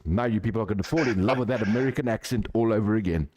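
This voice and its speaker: A man's voice: lowish voice, racing, noisy background. Upbeat South African man commentating. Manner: upbeat, chatty, fixing tech issues on air. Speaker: sim racing commentator. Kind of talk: live esports commentary.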